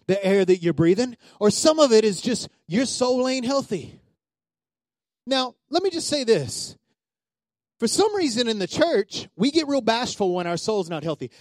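A man preaching a sermon as pastor, swinging from loud calls to hushed asides. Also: very high voice, animated, moderate pace, no echo.

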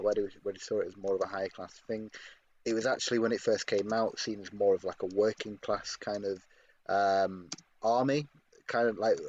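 A man's voice: fairly low pitch, a little mellow, highs cut off. A British man co-hosting a casual podcast, explaining things in long, digressive asides. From Britain. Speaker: podcast co-host.

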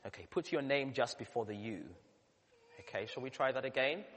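A man, a pastor, delivering a sermon with earnest emphasis that swells to loud peaks. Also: medium pitch, a little fast. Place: church. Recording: long church reverb.

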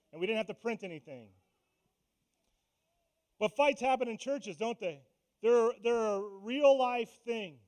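Man, high voice, pastor, conversational sermon, self-deprecating jokes, church setting. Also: a little mellow. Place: church sanctuary.

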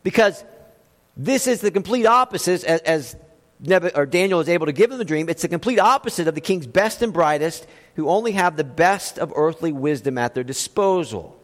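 A man's voice: a little high, expressive, a little fast, big-room sound. A man preaching a sermon as pastor, driving his points home with emphatic rhetorical questions.

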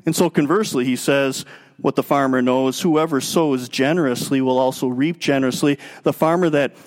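A man preaching a sermon as pastor, emphatic, moving between raised passages and quiet, drawn-out stretches. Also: medium pitch. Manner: emphatic, swinging between raised and hushed delivery.

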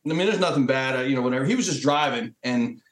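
A man, a military veteran and podcast guest, telling profane war stories in a lively, animated way and acting out the quotes. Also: mid-range voice, fast talker. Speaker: guest, Marine Corps veteran. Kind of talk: casual profane storytelling. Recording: roomy echo.

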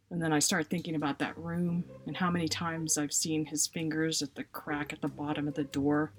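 A woman, a writer, reading aloud her own funny personal story in an expressive, self-mocking way. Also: sits low.

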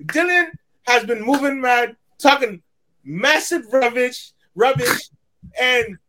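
A man's voice: very high-pitched, animated, moderate pace, background noise. A man putting on an exaggerated British slang voice as a joke on a live show. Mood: mocking. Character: man faking a British trash-talking bruv, adult.

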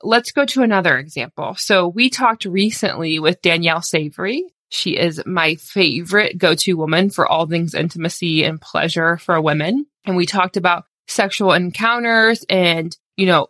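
A woman's voice: fairly low pitch, normal speed, few pauses, a bit bright, no room sound, studio quality. A woman in her thirties hosting a solo podcast, talking candidly and encouragingly in a casual conversational way with lots of "like"s. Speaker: podcast host.

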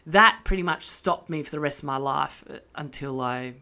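A woman's voice: low-pitched, normal speed, creaky, bright, forceful tone. Candid, swearing woman. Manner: candid, swearing, self-mocking with laughs. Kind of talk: casual monologue.

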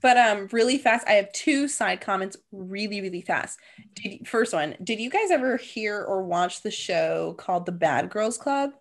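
A woman's voice: mid-range voice, lively intonation, normal speed. A young adult woman co-hosting a podcast, telling stories in casual chat and saying "like" a lot. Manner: chatty storyteller, heavy use of "like". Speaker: podcast co-host.

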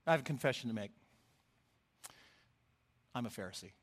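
A middle-aged man giving a sermon as a lay preacher, telling the story in an expressive, animated way. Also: medium pitch, normal speed.

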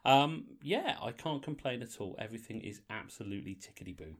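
A man's voice: medium pitch, expressive, fairly quick. A man in his forties co-hosting a podcast in casual chat, with a mixed English accent gone partly northern, self-mocking and laughing often. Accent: mixed English with northern vowels. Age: 40s. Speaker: podcast co-host.

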